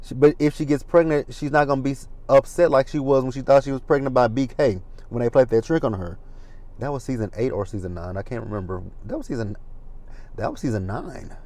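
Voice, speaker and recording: Talking a little fast in a mid-range, slightly mellow voice, this man runs a laid-back reality TV recap. He chats in a gossipy manner, tossing in asides and swearing.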